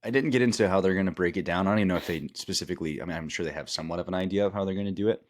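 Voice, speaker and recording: A man's voice: sits low, very fast. A man co-hosting a casual podcast, rambling and restarting his sentences, tired. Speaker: podcast co-host.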